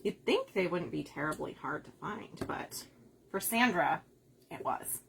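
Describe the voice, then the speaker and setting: With a mid-range, fairly bright voice that turns creaky at times, a woman from the Upper Midwest chats on her craft livestream, speaking a little slowly but expressively. She laughs frequently and reads viewers' comments aloud, with slight noise in the background.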